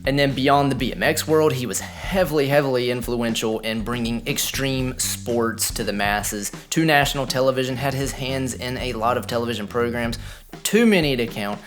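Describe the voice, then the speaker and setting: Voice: mid-range voice, normal speed. A channel host giving a scripted, earnest introduction and summary before an interview.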